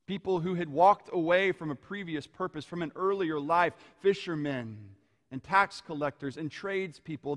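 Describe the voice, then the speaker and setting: Measured preacher in a reverberant hall. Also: male voice, high-pitched, a bit bright. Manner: measured, storytelling, slowing on key phrases. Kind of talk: sermon.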